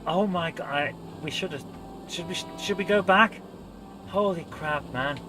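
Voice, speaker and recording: A man with a slightly high voice hosts a let's play, chatting casually over his gameplay at a measured pace while music plays in the background. He exclaims often, swears mildly, and laughs at his own driving.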